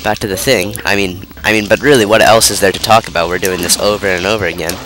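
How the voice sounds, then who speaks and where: Low-voiced stuffy young man rambling. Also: steady tone, quick pace. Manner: rambling, self-interrupting, lots of fillers. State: stuffy, nasal from a cold. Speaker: let's play commentator. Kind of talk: casual gameplay commentary. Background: game music.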